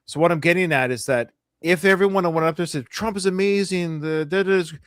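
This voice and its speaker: Sarcastic podcast host guy, kinda high voice, dry close mic. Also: fast, smooth, no echo. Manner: sarcastic, mocking, laughs often. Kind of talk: casual commentary chat.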